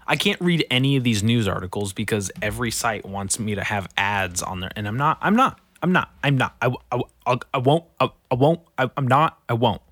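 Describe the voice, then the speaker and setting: A man who is sick, reading news headlines aloud in a casual, foul-mouthed way, swinging from mumbling to shouting. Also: mid-range voice, lively intonation, brisk, few pauses, dry recording. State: sick, voice going rough. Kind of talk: casual profane commentary.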